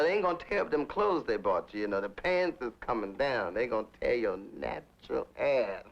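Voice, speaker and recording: A man being interviewed, telling candid childhood stories and laughing often. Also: mid-range voice. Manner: laughs often, animated, playful. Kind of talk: candid storytelling. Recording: dull lo-fi 1960s film sound.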